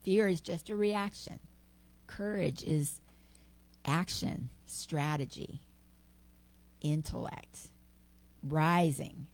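A woman minister delivering a sermon with expressive, emphatic storytelling. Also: low-pitched, takes it slowly, pauses often.

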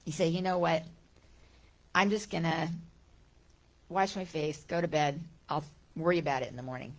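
A middle-aged woman giving a gentle, conversational spiritual talk, full of rhetorical questions and small restarts. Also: low-pitched, steady tone, moderate pace. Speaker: spiritual teacher. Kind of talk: talk on Vedanta teaching.

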